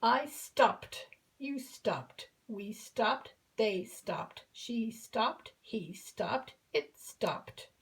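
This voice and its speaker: Woman, English teacher for kids, slow careful delivery, fairly high voice, patient drilling. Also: expressive, fairly bright tone, rough recording. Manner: patient, repeats each verb form in drills. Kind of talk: slow classroom explanation.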